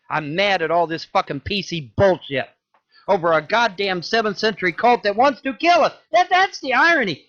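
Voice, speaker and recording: A man delivering an angry, profane rant, cursing loudly and repeating himself. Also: high-pitched, lively intonation, normal speed. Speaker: ranting video creator. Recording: dull lo-fi audio.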